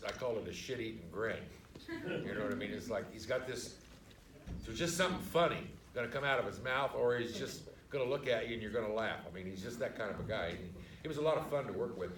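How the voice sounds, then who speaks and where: A man with a lowish voice reminisces casually and chattily on a theater stage, leaning on fillers and "I mean". He sounds distant from the mic in an echoey room, with steady background noise underneath. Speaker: actor guest on a panel. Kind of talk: casual recollection at a live Q&A. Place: theater stage in front of an audience.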